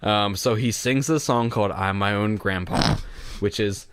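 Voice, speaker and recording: A man with a low voice chatting on a podcast, dry and close with no room sound. He talks with wry amusement and often trips over his first words before finishing a thought. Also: moderate pace, a bit bright, clean tone, no room sound. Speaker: podcast co-host. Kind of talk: casual chat about a film.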